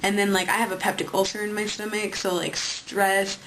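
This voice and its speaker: A woman's voice: medium pitch, level tone, brisk, fairly bright tone, low-quality recording. Young woman in her twenties, casual vlog rant, filler-heavy chatter with cursing, faint hiss under a webcam mic. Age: 20s. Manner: chatty, peppered with "like" and swearing. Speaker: vlogger. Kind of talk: casual venting monologue.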